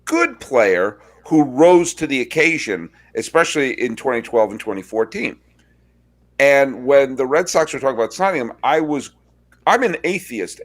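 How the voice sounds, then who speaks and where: Wry, animated man hosting a sports podcast. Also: medium pitch. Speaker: podcast host. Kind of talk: casual sports podcast chat.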